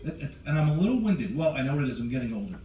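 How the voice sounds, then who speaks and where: A warm, mid-range male voice swings widely in pitch and moves fast, picked up from far off in an echoey room with dulled highs and some hiss or hum. The speaker is a comedian in his forties doing cruise-ship stand-up, brashly teasing audience members as he works the crowd.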